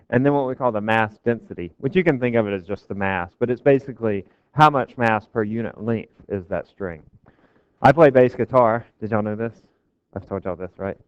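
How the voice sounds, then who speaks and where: A man's voice: mid-range voice, clear, resonant tone, no echo. A man giving a physics lecture to a class, casual and joking with his students. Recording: dull, dry lecture recording.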